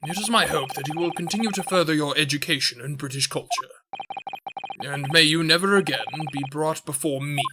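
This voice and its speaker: A man's voice: a little high, heavy background noise, close to an everyday voice. A man reading as a stately British judge. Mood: solemn. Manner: formal, measured, grand. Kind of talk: streamer reading game dialogue aloud. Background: game music.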